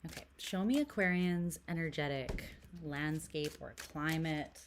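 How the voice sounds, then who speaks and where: A woman's voice: deep voice, unhurried, a little hiss or hum. A woman from Canada doing a casual tarot reading to camera, chatty and giggly, full of "like" and dropping into whispered asides. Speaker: tarot reader.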